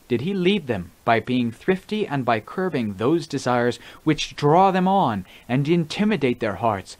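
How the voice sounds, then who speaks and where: A man reading the part of an older meditation master who teaches in a calm, level, measured way, in an audiobook. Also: medium pitch, close to an everyday voice, low-quality recording.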